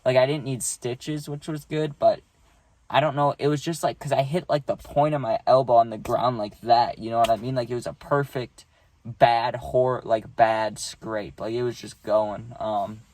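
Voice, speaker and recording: A man recounts a story to the camera in a loose, casual monologue. His voice sits at an ordinary middle pitch and sounds close and dry, with no room echo. He rambles, swears freely and keeps checking in with "right?". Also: fairly even intonation, moderate pace, darkish tone. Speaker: vlogger telling a personal story.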